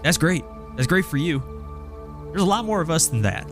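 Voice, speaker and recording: A man's voice: a little high, big pitch swings, normal speed, music in the background, pitched above the performer's own voice. A man doing a skeptical woman naysayer. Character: skeptical woman in the crowd, Crankshaft.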